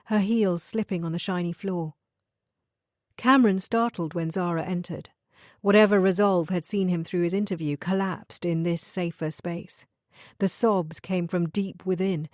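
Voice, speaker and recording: A woman reading an audiobook thriller in measured, even scripted narration. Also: lowish voice, no room sound, clean studio sound.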